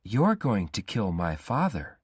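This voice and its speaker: A man's voice: fairly low pitch, wildly swooping pitch, measured pace, slightly rough, no echo, clean studio sound, heavily acted. A man reading a story aloud, voicing an obsessive, menacing young man who pleads and threatens. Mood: insistent.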